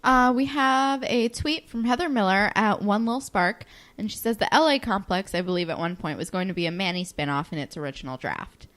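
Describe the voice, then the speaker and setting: A young woman co-hosting a podcast, chatting quickly and casually. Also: medium pitch, fairly bright tone. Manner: quick, chatty, laughs easily. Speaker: podcast co-host. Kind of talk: casual chat.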